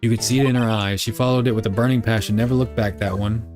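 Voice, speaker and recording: A man's voice: lowish voice, fairly even intonation, fast talker, over music, natural voice. A man doing a pompous evasive old lawyer. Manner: stuffy, hemming and hawing.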